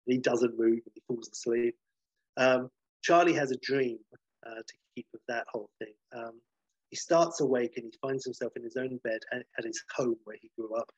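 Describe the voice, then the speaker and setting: A man's voice: mid-range voice, steady tone, normal speed, breathy edge, no room sound, muffled recording. A man casually recounting a story in a rambling, sweary way, with many fillers and restarts.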